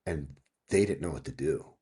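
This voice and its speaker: This very deep male voice has a breathy edge and an ordinary pace. He's a fiftysomething author from Pennsylvania, a guest in a casual interview, telling a story in a lively way, acting out dialogue and cursing freely.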